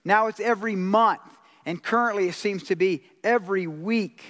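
A man preaching a sermon as pastor, impassioned and rising to loud exclamations. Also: high voice, normal speed. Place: church sanctuary. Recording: long hall reverb.

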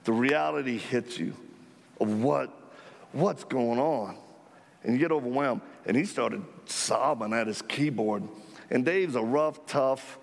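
A man leading a ministry, telling stories to a live audience in an animated, folksy way with jokes about himself. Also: mid-range voice. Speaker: ministry leader speaking to supporters. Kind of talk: storytelling talk to a live audience. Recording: long hall reverb.

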